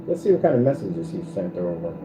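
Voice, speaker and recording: A deep-voiced man who talks fast and swings his pitch widely hosts a ranting commentary video. He's confrontational, taunting and repeating himself, and the echoey room has music playing behind him.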